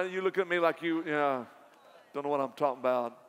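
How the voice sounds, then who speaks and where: High-voiced Southern preacher in a reverberant hall. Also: male voice, brisk, smooth. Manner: preaching that swings from quiet storytelling to loud, emphatic climaxes. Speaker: pastor. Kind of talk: sermon. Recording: long hall reverb with faint music.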